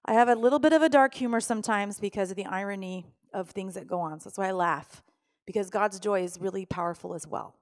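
A middle-aged woman pastor delivers a sermon at a quick pace in a mid-range voice. She tells a personal story with strong emotion, acting out the pleading prayers she once made.

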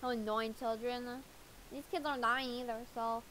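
Bright, jokey woman playing a game. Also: fairly high pitch, moderate pace, slight background noise, rough recording. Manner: jokey, excitable reactions. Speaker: gamer. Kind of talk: casual gameplay commentary.

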